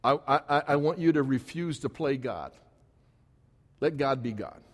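A man's voice: medium pitch, moderate pace. A man preaching a sermon as pastor in a church, emphatic and repetitive in his cadence. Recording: long hall reverb.

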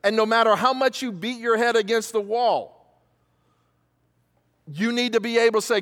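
A man's voice: very high voice, normal speed, pauses often, a bit bright. A man preaching as a pastor to his congregation, repeating key phrases and asking questions for the crowd to answer. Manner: call-and-response, repeats phrases for emphasis. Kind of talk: sermon. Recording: long hall reverb.

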